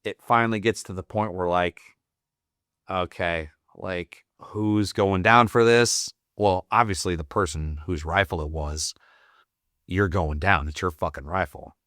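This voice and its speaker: Veteran podcast guest, male, deep voice, salty and loose, dry studio sound. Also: measured pace, a bit bright, no room sound. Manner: profane, rambling, full of "like" fillers. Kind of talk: casual storytelling.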